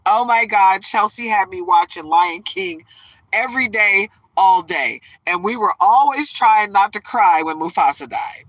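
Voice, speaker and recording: A woman's voice: mid-range voice, expressive, a little slow, fairly bright tone, poor audio. A woman who reads tarot, chatting casually and emotionally on a livestream from inside a parked truck.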